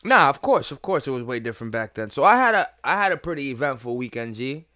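A man co-hosting a casual podcast, telling stories loudly with frequent laughing outbursts. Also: medium pitch, fast, no room sound, studio quality. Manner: loud, laughing, animated storytelling with shouted outbursts. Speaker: podcast co-host. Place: studio room.

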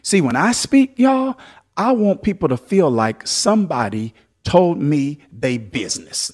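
A man preaching a sermon as pastor, swinging between loud, lively exhortation and softer storytelling. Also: a little high, measured pace.

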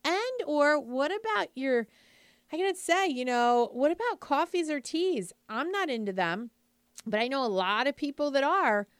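A woman's voice: high-pitched, animated, normal speed, no room sound, clean studio sound. A woman giving a casual, upbeat motivational talk to moms, chatty and full of "like" and "you know", often asking the listener rhetorical questions. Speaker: lifestyle speaker addressing moms.

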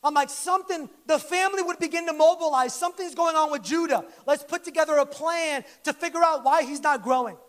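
High-voiced man preaching casually. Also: a little fast, hardly any pauses, fairly bright tone. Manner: conversational, joking preaching with acted-out quotes. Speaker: pastor. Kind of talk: sermon. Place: church service.

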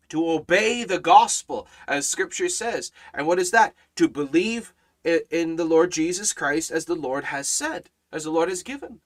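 A man teaching a Bible study in a preaching style, emphatic and repeating phrases with rising and falling force. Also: high-pitched.

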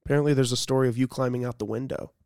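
A young man hosting a casual podcast, relaxed and full of fillers, talking close to the mic. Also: mid-range voice, rapid-fire, creaky, clear, resonant tone, no room sound. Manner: relaxed, filler-heavy, laughs easily. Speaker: podcast host.

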